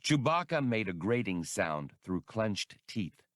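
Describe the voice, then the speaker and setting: Low-voiced male audiobook narrator. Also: very animated, dry recording, clean studio sound. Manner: measured storytelling. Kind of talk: scripted narration.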